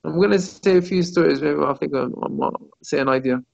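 A rabbi gives a class over a video call. His voice sits a little high and has a gravelly creak. The call audio is muffled, and he keeps stopping to hunt for English words as he tells his stories. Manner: pauses to search for English words.

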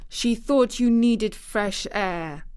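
A woman reading the part of an ill, worried gentleman guardian in a storybook, with a hesitant, absent-minded way of talking. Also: medium pitch, slow pace, clear, resonant tone, close to an everyday voice. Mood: gloomy. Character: gloomy ailing gentleman guardian, distracted.

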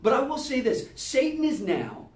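A man teaching Sunday school with a lively, swooping delivery, acting out little scenes as he goes. His voice sounds a little distant from the mic and rings in a roomy, echoey space. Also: very high voice, normal speed. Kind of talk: animated Bible lesson.

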